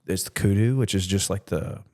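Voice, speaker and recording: A middle-aged podcast guest tells a story in a casual, animated way, using lots of fillers. His voice sits low and he talks fairly quickly.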